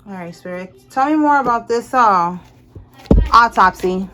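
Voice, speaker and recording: Woman, tarot reader, slightly high voice, animated, repeats herself. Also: measured pace, noisy background. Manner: animated, talks to the cards and Spirit, repeats herself. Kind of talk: casual tarot reading.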